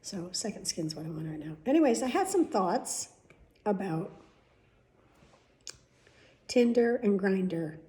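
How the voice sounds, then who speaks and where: A woman's voice: mid-range voice, animated, measured pace, long pauses, warm tone. A middle-aged woman chatting casually and rambling through stories, often swearing. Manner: chatty, profane, rambling storyteller. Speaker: vlog host. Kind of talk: casual chat.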